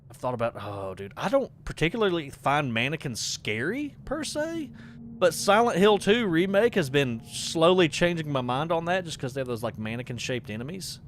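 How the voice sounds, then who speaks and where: A man's voice: on the high side, very animated, normal speed, slight background noise. Chatty man yelping through a horror stream. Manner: chatty and rambling, jumps to startled yelps and swearing. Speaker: gaming streamer. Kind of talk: live horror gameplay commentary.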